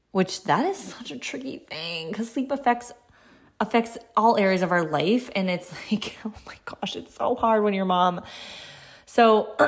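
Hosting a casual solo podcast, a woman in her thirties chats conversationally and laughs lightly now and then. Her voice is on the low side.

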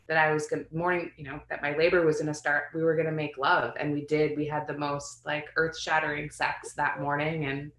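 A woman's voice: deep voice, fairly bright tone. A woman in her thirties, telling a personal story as a guest in a conversation, candid and rambling with many fillers and restarts. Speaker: guest sharing a birth story. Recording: roomy echo.

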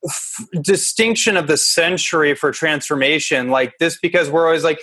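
Brief: male podcast host, thoughtful and questioning, slightly raised pitch, dry close recording. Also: normal speed, bright, forceful tone, husky, no echo. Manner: reflective, asks rhetorical questions. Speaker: interview host. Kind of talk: conversational interview.

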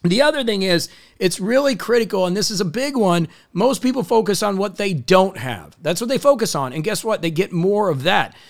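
Energetic gravelly man giving a motivational talk. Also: high voice, a little fast. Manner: energetic, enthusiastic, storytelling with acted quotes. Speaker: motivational speaker.

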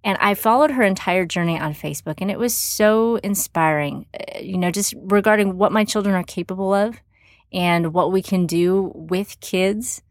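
A woman's voice: mid-range voice, moderate pace, dry recording, studio quality. A woman with a mild Texan accent hosting a podcast, chatting in an upbeat way with many fillers and restarts. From Texas, USA. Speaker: podcast host. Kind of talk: casual podcast interview.

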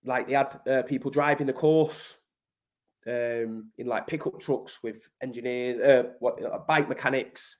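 A man's voice: mid-range voice, steady tone, measured pace. A man from Manchester, telling a story as a podcast guest in blunt, sweary talk, calling the host mate. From Manchester, England. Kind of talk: casual storytelling.

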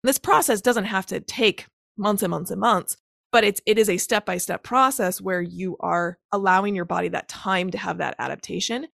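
Gravelly-voiced woman coach explaining. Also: medium pitch, moderate pace, no room sound, studio quality. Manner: explanatory, uses step-by-step examples and analogies. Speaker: guest, macro-counting coach. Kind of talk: conversational podcast interview.

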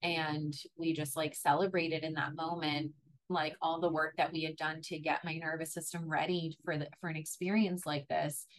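Hosting a podcast, a young woman tells a personal story in a loose, chatty way, peppered with "like" and little restarts. Her voice is pitched a bit low, her tone level, and she talks at a normal speed.

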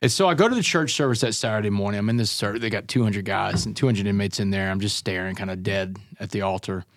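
A man's voice: on the low side, fast, no room sound, studio quality. A man guest on an interview podcast, telling his story in an earnest, intense way and often calling the listener "man" and "brother".

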